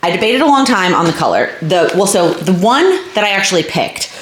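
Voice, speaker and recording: Low-voiced rambling young mom vlogger. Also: female voice, expressive, fairly quick, a bit bright. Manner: rambling, chatty, self-interrupting. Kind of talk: casual chat. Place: home, indoors. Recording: echoey room with faint noise.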